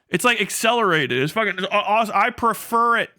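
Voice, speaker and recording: A man's voice: very high-pitched, moderate pace, hardly any pauses, smooth. A young man hosting a livestream, talking in a loose, profane rant and laughing often. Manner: profane, excitable, laughs often, slips into mock voices. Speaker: livestream host.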